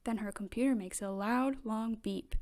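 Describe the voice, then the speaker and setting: A woman reading a children's picture book aloud in steady, gentle narration. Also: a little high, normal speed. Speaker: storybook reader.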